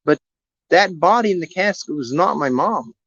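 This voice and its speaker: A slightly high, fairly bright voice, animated and at a moderate pace, belongs to an animal rescue host speaking on his live stream. He rambles earnestly through a heartfelt personal story, captured in dry, dull lo-fi audio.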